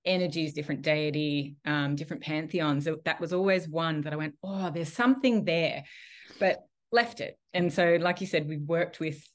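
A woman being interviewed on a podcast, telling a personal story in a lively way and laughing often. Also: low-pitched, normal speed, hardly any pauses. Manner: animated storytelling with frequent laughter. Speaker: guest, priestess and healer.

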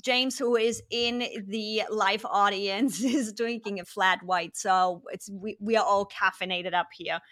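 A woman's voice: medium pitch, steady tone, unhurried, hardly any pauses, a bit bright, no room sound, clean studio sound. A woman hosting a business podcast, chatty and bubbly, laughing at her own slips. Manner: bubbly, laughing, self-deprecating. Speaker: podcast host. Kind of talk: casual interview chat.

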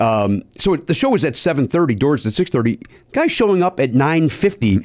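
A man telling a long story in casual podcast chat, animated and a bit profane, with high mock voices for people he quotes. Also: a little fast, dry recording. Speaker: podcast host.

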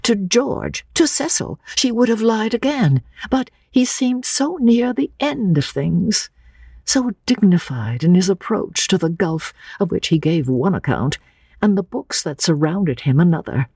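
A woman narrating a classic novel in a measured, expressive dramatic reading. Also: lowish voice, husky, no echo, clean studio sound.

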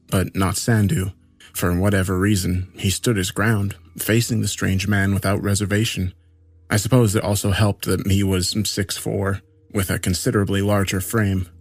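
A man's voice: on the low side, no echo. A man narrating a first-person horror story in a dramatic, swearing style.

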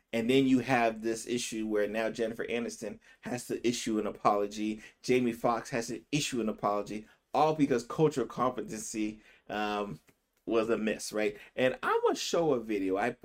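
Chatty man physician hosting a podcast. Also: on the low side. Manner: conversational, often checks in with "right?"; speeds up and slows down to stress words. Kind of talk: casual opinion commentary.

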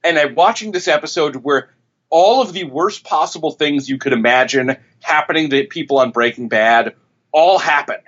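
A man, a television critic and author, tells a story as an interview guest, rambling and frequently restarting and correcting his sentences. His voice is fairly high and fairly bright, delivered at normal speed, with the high frequencies cut off in the recording.

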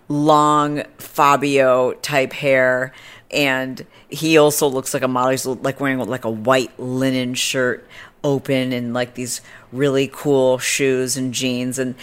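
Brief: woman podcast host, casual storyteller, snarky and chatty. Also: very deep voice.

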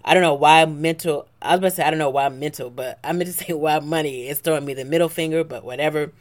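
Wry, lower-voiced woman podcast co-host. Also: fairly even intonation, fast. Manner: teasing, wry. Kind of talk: casual chat.

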